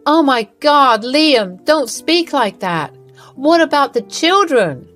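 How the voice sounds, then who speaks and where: Brief: woman as a mock-desperate wife, high and pleading, faint music. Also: lively intonation, takes it slowly, fairly bright tone, full character voice.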